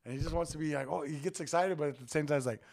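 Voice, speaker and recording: A man's voice: a little high, vocal fry, darkish tone. A man, the guest, chatting casually and chiming in with short, agreeable replies. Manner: quick, agreeable, chimes in briefly. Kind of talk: casual chat.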